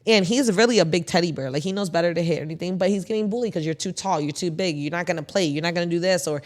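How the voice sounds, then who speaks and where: A woman in her thirties telling a story in a casual podcast chat, animated and blunt, swearing freely. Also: on the low side, racing. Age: 30s. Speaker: podcast co-host.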